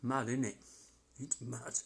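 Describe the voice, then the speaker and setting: Slow-talking man, rambling. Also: medium pitch, level tone, vocal fry, breathy edge. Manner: rambling and halting, chuckling to himself. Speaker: psychic medium. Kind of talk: casual live-stream chat.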